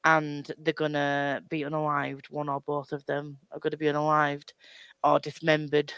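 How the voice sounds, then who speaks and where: Woman, casual book chatter, tangents and restarts, smooth voice, dry mic. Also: sits low, completely flat delivery, moderate pace, a bit bright, no echo. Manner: rambling, self-deprecating, frequent laughs and restarts. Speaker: book club co-host.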